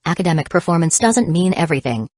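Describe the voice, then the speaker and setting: A woman voicing a calm, confident teenage boy in a storybook reading, with a smooth, even delivery. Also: lowish voice, quick pace, dry recording. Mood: calm teasing.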